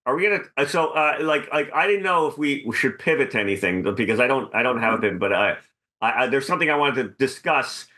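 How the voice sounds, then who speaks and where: A man co-hosting a comedy podcast, talking in an animated, rambling way with many restarts. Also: mid-range voice, fast talker. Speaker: podcast co-host. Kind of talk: casual comedy chat.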